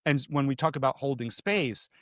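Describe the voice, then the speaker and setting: A man who is an executive coach and a podcast guest, talking in an animated, conversational coaching manner that often acts out quoted voices. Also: medium pitch, fairly quick, no room sound, clean studio sound.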